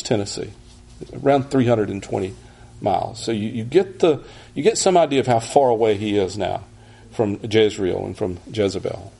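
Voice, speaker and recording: A man delivers an expository sermon in a husky, breathy, mellow voice of middle pitch. He teaches in a measured way, frequently looping back to restart phrases.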